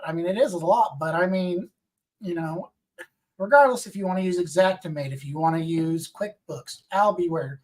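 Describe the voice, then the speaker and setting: Roundtable co-host, man, rambling and filler-heavy, slightly distant sound. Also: high-pitched. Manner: rambling, many fillers and restarts. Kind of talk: casual roundtable chat.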